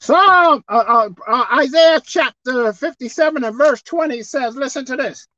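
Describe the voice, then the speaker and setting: A woman preacher giving a televised sermon, animated and swinging between loud exclaiming and low murmuring. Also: normal speed, dry recording, muffled recording.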